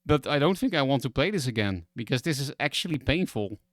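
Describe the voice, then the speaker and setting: A man's voice: mid-range voice, animated, fairly quick, no echo, studio quality. Ranting Dutch-accented man streaming. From Netherlands. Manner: exasperated, ranting, swears. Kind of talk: casual stream commentary.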